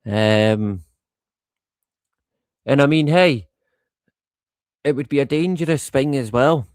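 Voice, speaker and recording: A middle-aged man chats slowly and loosely on his live stream, drifting between thoughts. He swears freely and chuckles as he goes. His voice sits dry and close, with no room sound. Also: mid-range voice, darkish tone, smooth, no echo. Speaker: livestream host. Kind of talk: casual live-stream chat.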